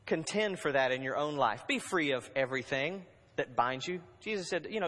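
A man preaching a sermon to a congregation, animated and exhorting, swinging between loud urging and hushed asides. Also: mid-range voice, moderate pace, few pauses, in a large hall. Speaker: pastor.

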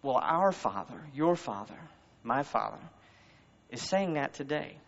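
A man with a Southern US accent preaching a conversational sermon, swinging between loud emphasis and hushed words. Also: mid-range voice, big pitch swings, a little slow, creaky. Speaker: guest speaker. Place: church service. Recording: muffled reverberant hall recording.

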